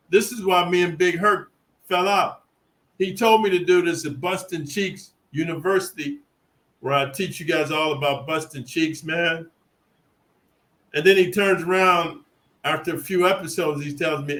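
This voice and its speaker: A man's voice: on the high side, normal speed, fairly bright tone, low-quality recording. A middle-aged man from California telling prison stories in a boastful, rambling, streetwise monologue. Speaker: prison storyteller. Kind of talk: casual profane monologue.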